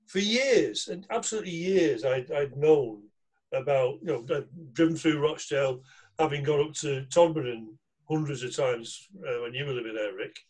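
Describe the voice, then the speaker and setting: A man's voice: mid-range voice, darkish tone. A middle-aged man hosting a casual online session, talking in a rambling, hesitant way with many fillers and restarts. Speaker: session host. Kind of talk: casual chat on a video call.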